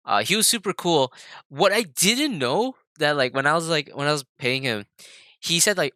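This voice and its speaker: A man's voice: on the high side, lively intonation, moderate pace, sharp tone, no room sound. A young man co-hosting a podcast, telling a story in a rambling, profane way with many fillers. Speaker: podcast co-host. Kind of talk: casual storytelling chat.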